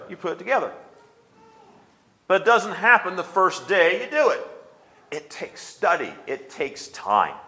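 Middle-aged Midwestern male preacher, bright forceful tone, lively anecdotes and scripture reading. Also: a little high. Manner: animated storytelling, reads scripture aloud with rising force. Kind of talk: sermon.

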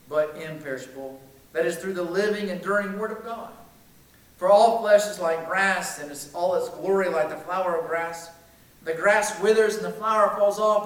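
A man preaching a sermon, emphatic, swinging between loud declarations and hushed lines. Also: high voice. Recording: very echoey room, mic at a distance.

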